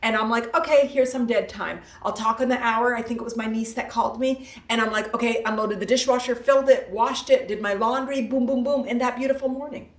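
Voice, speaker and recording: A woman's voice: fairly high pitch, steady tone, brisk, hardly any pauses. A woman hosting a live talk as a self-help coach, speaking playfully and emphatically, repeating herself for effect. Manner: playful and emphatic, with lots of repetition. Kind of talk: casual motivational talk to a live audience. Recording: roomy echo, voice from a distance from the mic.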